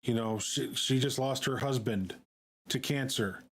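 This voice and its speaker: A man streaming, talking in a casual, halting way with many fillers and repeated words. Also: medium pitch, husky. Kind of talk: casual live-stream chat.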